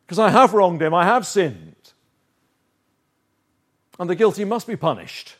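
A man preaching a sermon, earnest and emphatic, slowing down to stress key phrases. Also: high voice.

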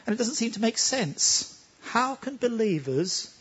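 A man preaching with emphatic conviction, his voice high and swinging widely in pitch. His tone is husky and breathy, and the sermon comes through a dull, lo-fi recording. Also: sing-song, a little slow, fairly bright tone. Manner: emphatic, with rhetorical questions.

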